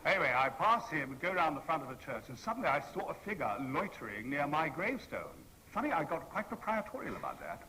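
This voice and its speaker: Speaking a little fast with hardly any pauses, this sixty-something man spins stories for a convention panel audience, playfully impersonating those he quotes. His fairly high voice swings hugely in pitch and sounds pushed and bright; the poor audio has a little hiss or hum.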